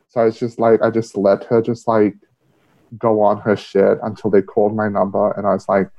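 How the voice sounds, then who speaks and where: A man's voice: lowish voice, level tone, fairly quick, mellow. A man in casual conversation, telling stories candidly with lots of fillers and swearing. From Australia. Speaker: podcast guest. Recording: muffled lo-fi audio.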